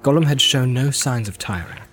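A man reading a story aloud in an even, measured way. His voice sits in an ordinary middle register as he narrates the scene calmly. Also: medium pitch, faint music behind. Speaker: audiobook narrator. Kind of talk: scripted narration.

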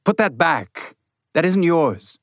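A man doing a shrill, pompous science lead. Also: sing-song, slow, fairly bright tone, no room sound, studio quality, exaggerated voice. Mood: indignant. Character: indignant male science lead, pompous and rattled.

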